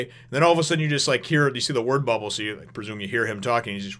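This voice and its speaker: A man's voice: fairly low pitch, racing, hardly any pauses, sharp tone. A man rambling through a casual manga chapter review, swearing freely and laughing as he goes. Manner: rambling, profane, laughs often.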